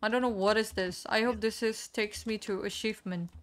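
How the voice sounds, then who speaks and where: A woman's voice: medium pitch, fairly even intonation, fairly quick. A woman streaming a game, chatting casually and giggling as she reads the game text aloud. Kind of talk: casual gaming stream chat.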